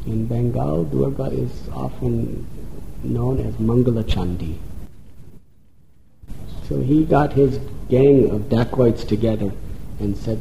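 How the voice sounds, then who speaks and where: A man's voice: mid-range voice, takes it slowly, gravelly, long pauses, warm tone, a little hiss or hum. A man telling a sacred story as a preacher, dramatic and building with repetition. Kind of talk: sermon storytelling. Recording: roomy echo, faint ambience.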